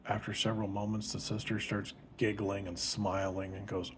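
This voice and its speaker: A man narrating a joke story in a casual, deadpan storytelling way. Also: fairly low pitch, normal speed, few pauses, slight background noise. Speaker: joke teller.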